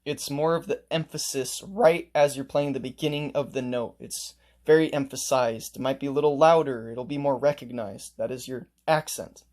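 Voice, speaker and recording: A man's voice: mid-range voice, steady tone, moderate pace, a little mellow. A man teaching a casual music lesson, explaining note markings step by step and playing examples on his instrument.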